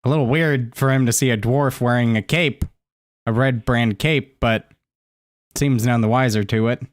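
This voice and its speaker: A man narrating as game master of a tabletop game, relaxed, with fillers. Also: mid-range voice, moderate pace, no room sound, clean studio sound.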